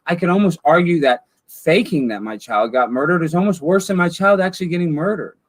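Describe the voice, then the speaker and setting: A man's voice: fairly high pitch, brisk, no echo, low-quality recording. A man talks earnestly and a little sheepishly, stumbling and restarting as he goes. The recording is dry and close. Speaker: comedy co-host. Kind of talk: deadpan comedic chat.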